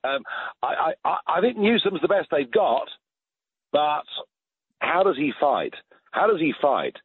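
British man in his 60s, phone guest, husky, lively emphatic delivery, repeats himself. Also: fairly high pitch, a little slow, no echo. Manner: emphatic, repeats words and restarts. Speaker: guest commentator. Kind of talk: phone-in political chat. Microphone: telephone. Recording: tinny phone line.

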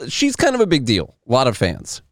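A man's voice: medium pitch, huge pitch swings, brisk, dry recording, studio quality. A man in his thirties with a Southern US accent, hosting a casual podcast chat in a joking, sarcastic way. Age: 30s. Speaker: podcast host.

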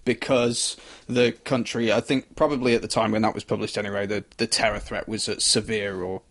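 A man's voice: on the low side, steady tone, a little fast, fairly bright tone. A man co-hosting a podcast, blunt and sweary in casual chat. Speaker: podcast co-host.

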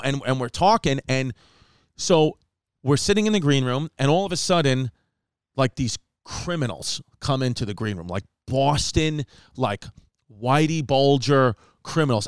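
Animated storytelling man, smooth clear voice. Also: medium pitch, moderate pace, no echo, studio quality. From New York. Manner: animated storyteller, acts out quotes. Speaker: comedian podcast host. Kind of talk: casual storytelling chat.

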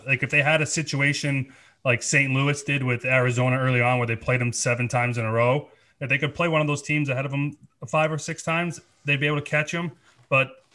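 A man's voice: mid-range voice, pushed and bright. A man co-hosting a hockey podcast, laying out his opinions with confidence. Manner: confident, lays out arguments. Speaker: podcast co-host. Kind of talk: casual sports analysis.

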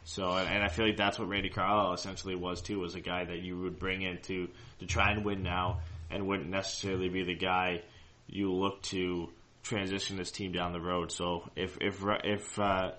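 A man's voice: low-pitched, flat delivery, moderate pace, pushed and bright. A man co-hosting a casual fan podcast, talking in loose rambling sentences full of restarts. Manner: rambling, many restarts and fillers. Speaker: co-host of a hockey fan show.

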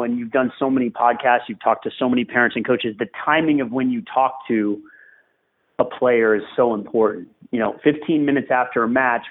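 A man hosting a podcast conversation, talking like a coach and driving his points home by repeating them. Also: medium pitch. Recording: tinny phone-like line.

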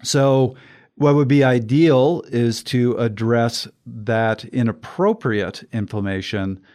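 A man co-hosting a podcast, explaining a point in a measured, cautious way. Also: mid-range voice, fairly even intonation, a little mellow. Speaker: podcast co-host. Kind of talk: casual podcast discussion.

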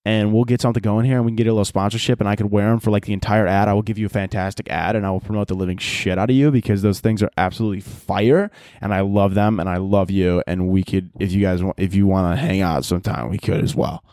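A man's voice: lowish voice, steady tone, quick pace, few pauses, a little mellow, dry recording. Profane, rambling young man, dry sound. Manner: profane, rambling, laughs often. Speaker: podcast host. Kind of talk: casual solo podcast chat.

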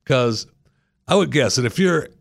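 A man's voice: medium pitch, lively intonation, measured pace, gravelly, dry recording, clean studio sound. A man hosting a radio talk show, chatting casually and jokingly and often repeating himself.

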